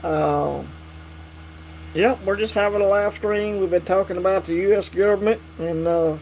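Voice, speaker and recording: A man hosting a casual live stream, chatting with viewers in a relaxed, drawling way. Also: high voice, normal speed, poor audio. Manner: drawling, relaxed, reads and answers chat. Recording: faint mains hum.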